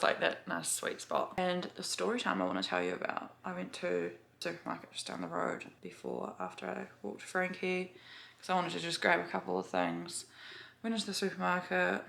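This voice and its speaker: A woman's voice: fairly low pitch, gravelly, fairly bright tone. A woman chatting casually to camera, full of fillers and swearing as she tells a story. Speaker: vlogger.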